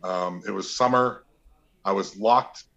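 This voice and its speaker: A man, an actor and interview guest, telling relaxed anecdotes and acting out quotes. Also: deep voice, a little slow, vocal fry, muffled recording. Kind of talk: casual interview storytelling.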